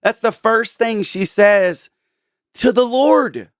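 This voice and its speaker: A man with a high voice speaks slowly and earnestly as he retells a Bible story on a podcast. He stumbles and restarts phrases as he goes. The sound is close and dry. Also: clear, resonant tone, no room sound. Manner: earnest, halting, with frequent restarts. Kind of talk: casual Bible discussion.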